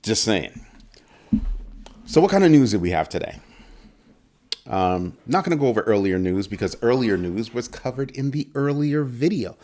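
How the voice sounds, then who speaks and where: A man's voice: mid-range voice, sing-song, normal speed, long pauses, a little mellow. A man hosting a casual crypto livestream, greeting viewers in chat by name and teasing them playfully. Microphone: desk microphone.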